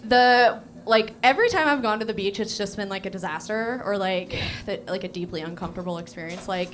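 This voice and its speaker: A woman's voice: mid-range voice, brisk, slight background noise. A young woman doing a crude, self-mocking stand-up set on a small cafe stage, with lots of fillers. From Portland, Oregon. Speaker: stand-up comedian.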